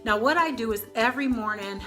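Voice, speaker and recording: A woman's voice: fairly high pitch, fast, a bit bright, soft background music. A woman in her thirties chatting casually to her viewers as a vlogger, often calling them y'all. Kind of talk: casual chat to camera.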